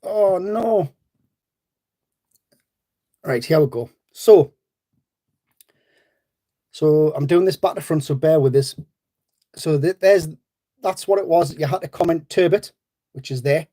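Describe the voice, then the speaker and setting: A man's voice: a little high, unhurried, long pauses, warm tone. A man hosting a live fishing stream, chatting in a rambling way and greeting viewers by name. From North East England. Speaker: fishing channel host.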